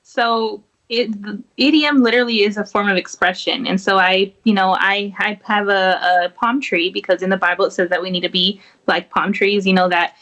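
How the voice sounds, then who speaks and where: A woman's voice: mid-range voice, fairly even intonation, moderate pace, hardly any pauses, fairly bright tone. Chatty woman guest full of fillers. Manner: chatty, heavy use of fillers like "you know" and "definitely"; laughs often while talking. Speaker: podcast guest. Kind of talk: casual chat.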